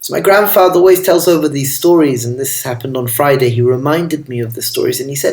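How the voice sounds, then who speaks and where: Gentle rabbi with a roomy echo. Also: male voice, mid-range voice, fast talker. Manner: gentle, affectionate, with Hebrew and Yiddish terms. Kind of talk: storytelling sermon.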